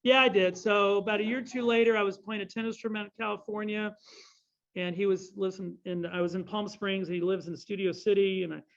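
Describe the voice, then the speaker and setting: Man in his middle years, high voice, rambling anecdotes at a talk. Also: fairly even intonation, brisk, vocal fry, fairly bright tone. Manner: rambling storyteller, self-correcting. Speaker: guest speaker. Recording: dull lo-fi recording.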